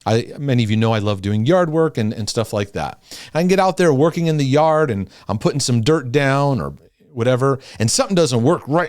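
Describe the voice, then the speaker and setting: Animated man teaching on faith and stress. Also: brisk, no room sound, clean studio sound. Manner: animated, drops soft and low when confiding, talks to God aloud. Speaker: Christian mental health teacher. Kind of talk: casual teaching monologue.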